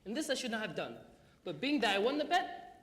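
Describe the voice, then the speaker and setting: A sly streetwise gambler with a very high, lively voice that bounces up and down. He sounds bright and bold, speaking from a school stage. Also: fairly quick, exaggerated voice. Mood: sheepish. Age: teens. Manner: streetwise, wheedling delivery. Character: fast-talking male gambler, sheepish and sly. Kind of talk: live musical theatre dialogue.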